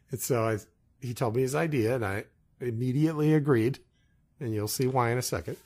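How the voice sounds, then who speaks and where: A man's voice: mid-range voice, normal speed. A man co-hosting a podcast, telling a story in a casual, laughing way. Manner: laughing, animated anecdote telling. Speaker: podcast co-host.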